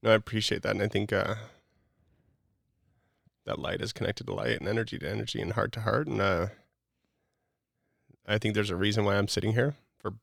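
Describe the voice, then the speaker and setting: A man's voice: on the low side, fairly quick, vocal fry, long pauses, fairly bright tone, no room sound, clean studio sound. A middle-aged man, a podcast guest, talking in an earnest, preachy, motivational way with many casual "like" fillers.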